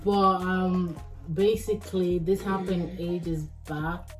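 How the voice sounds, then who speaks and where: A woman's voice: lowish voice, fairly even intonation, slow, distant mic. A tired young woman in a casual chat with friends, swearing freely as she tells her story. Her voice sits a little away from the microphone, and faint music plays under it. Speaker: guest friend.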